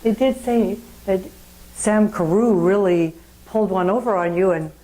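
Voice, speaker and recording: A woman's voice: medium pitch, a little slow, warm tone, lightly acted, rough recording. A woman voicing a curious, eager male traveler who is surprised and chatty.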